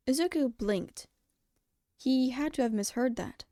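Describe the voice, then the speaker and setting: A woman reads fan fiction aloud in a steady, clear storytelling voice. Her pitch sits a bit high, and the recording is close and dry with no room sound. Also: a little slow, pauses often, dry recording. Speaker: podfic reader. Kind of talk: audiobook reading of fan fiction.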